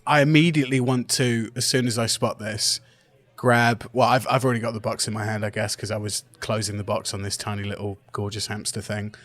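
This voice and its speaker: A man's voice: fairly low pitch, flat delivery, brisk, a bit bright. A man playing a tabletop game, bluntly bossing others around in a brash, sweary way. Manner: brash, blunt and sweary, laughing between lines. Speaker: player. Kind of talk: in-character tabletop play.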